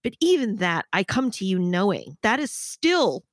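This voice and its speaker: A woman hosts a podcast in a frank, thoughtful manner, building long reflective points. She swears casually. Her voice sits at a middle pitch and sounds dry and close. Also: very animated, moderate pace, no echo. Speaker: podcast host. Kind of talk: casual interview chat.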